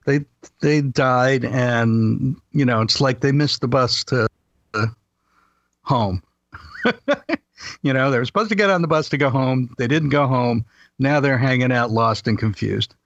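A man in casual conversation, explaining things in a calm, matter-of-fact way. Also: medium pitch, unhurried, long pauses, no echo. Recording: dry, slightly dull sound.

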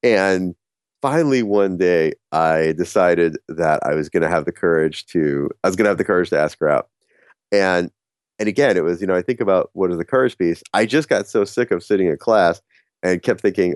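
Middle-aged man, deep voice, relaxed self-deprecating storyteller who stumbles and restarts; dry, close recording. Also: dry recording. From New Jersey. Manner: halting, many restarts, laughs at himself. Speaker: speaker on courage. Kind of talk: casual storytelling monologue.

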